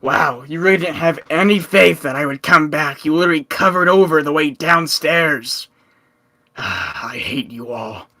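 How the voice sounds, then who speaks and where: A man doing sardonic adventurer Zogmar, bright voice. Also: on the high side, normal speed, few pauses. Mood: aggrieved. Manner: sarcastic, put-upon complaining.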